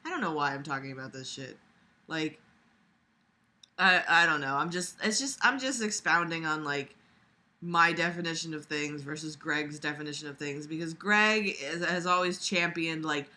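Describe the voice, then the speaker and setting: A woman's voice: low voice, moderate pace, bright, forceful tone. A woman reading a fan story aloud and breaking off into sarcastic, profane commentary full of fillers. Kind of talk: dramatic reading with mocking commentary.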